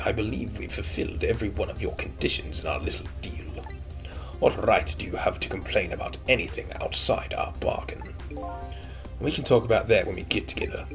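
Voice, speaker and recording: A man voicing a pompous, scheming older male commander in a game, in a low, hushed, breathy put-on voice.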